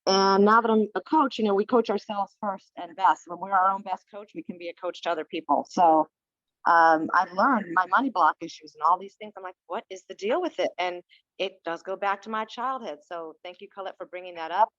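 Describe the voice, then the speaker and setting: A woman's voice: medium pitch, fairly quick, a bit bright, dry recording. Earnest woman caller on a dull line. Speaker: caller, life coach. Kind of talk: phone-in comment.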